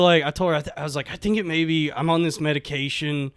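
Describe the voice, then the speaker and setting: High-voiced guy, bright tone, acts out lines while telling a story, casual podcast chat. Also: fast talker, clean tone, dry recording, studio quality. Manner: candid, laughs often, acts out the other person's lines.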